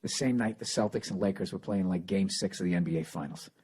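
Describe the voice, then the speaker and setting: A man in his forties chatting casually on a podcast, animated and profane, telling stories with heavy emphasis. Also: sits low, fast talker, breathy edge. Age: 40s. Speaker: podcast host. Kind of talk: casual chat, storytelling.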